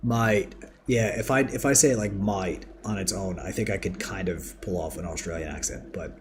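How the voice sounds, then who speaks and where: A man's voice: low-pitched, a little fast, slight background noise. A man hosting a live game stream, chatting casually and rambling as he builds and reads out viewer messages. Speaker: livestream host. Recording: audible keyboard typing and clicks.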